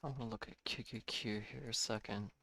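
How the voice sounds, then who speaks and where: Male trader, lowish gravelly voice, measured think-aloud delivery, dry close mic. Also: steady tone, pushed and bright, dry recording. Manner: measured, thinking aloud with small self-corrections. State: yawning, a bit tired. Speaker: day trading streamer. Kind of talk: live market commentary.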